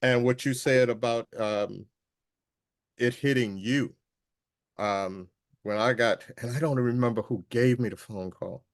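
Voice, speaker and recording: A man hosting an interview, speaking in a halting, hesitant way with many pauses and restarts. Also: medium pitch, no echo, studio quality. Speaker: host. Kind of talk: casual interview conversation.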